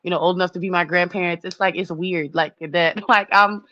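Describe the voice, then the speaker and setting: A woman, chatting casually with a friend, animated and laughing. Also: on the low side, fairly quick, muffled recording. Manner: animated, laughing, acts out relatives' voices. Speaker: host. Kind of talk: casual chat.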